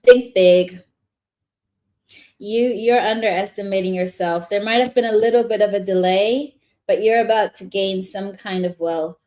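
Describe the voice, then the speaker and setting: A woman's voice: medium pitch, unhurried, darkish tone. A woman giving a casual live tarot reading, chatty and rambling, often restarting her sentences. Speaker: tarot reader.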